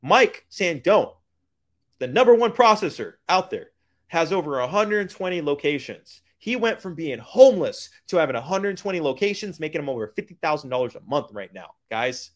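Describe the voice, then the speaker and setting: A man giving a hyped motivational business pitch, using street slang and repeating lines for emphasis. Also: sing-song, moderate pace. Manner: hyped, keeps calling out to "guys". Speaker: business coach.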